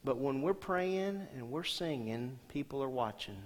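Pastor preaching in a reverberant hall. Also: male voice, mid-range voice, animated, measured pace. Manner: asks the congregation rhetorical questions; swings between loud emphatic lines and quiet soft ones. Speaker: senior pastor. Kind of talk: sermon.

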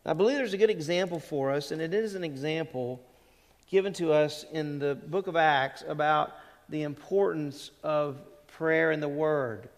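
A man's voice: on the high side, moderate pace. Preaching man in a reverberant church hall. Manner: conversational preaching with frequent questions to the congregation. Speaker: pastor. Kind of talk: expository sermon. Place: church sanctuary.

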